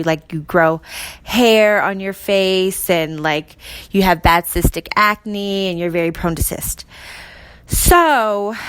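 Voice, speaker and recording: A woman's voice: on the low side, fairly bright tone. A young adult woman hosting her own podcast, talking casually and rambling with lots of fillers and frequent laughs. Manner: chatty, rambling, laughs often, many "like" fillers. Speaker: podcast host. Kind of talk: casual solo podcast chat.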